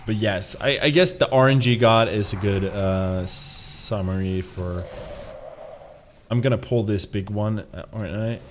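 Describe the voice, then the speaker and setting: A man's voice: fairly low pitch, a little slow, a little hiss or hum. A man streaming a game, chatting casually in a rambling, profane, self-mocking way. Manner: rambling, profane, laughs at himself. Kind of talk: casual live-stream commentary.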